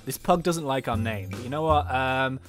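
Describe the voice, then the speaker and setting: Self-mocking man with lively delivery. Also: mid-range voice, normal speed, faint music behind. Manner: self-mocking, chatty, laughs at himself. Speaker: YouTuber. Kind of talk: gameplay commentary.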